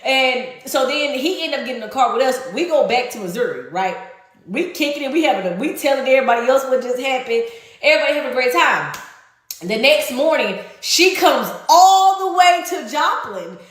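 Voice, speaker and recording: A woman tells a personal story in a lively, profane storytime style, often laughing through her words. Her voice sits high and bounces across a wide range. The recording rings with heavy room echo. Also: fairly quick. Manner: animated, profane, laughs while telling. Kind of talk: casual storytime. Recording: echoey room.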